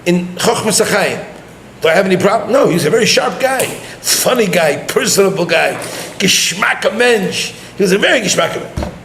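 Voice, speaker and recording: A rabbi telling a story in a sermon, animated and laughing as he talks, mixing in Yiddish and Hebrew words. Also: high voice, normal speed. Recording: roomy echo with faint noise.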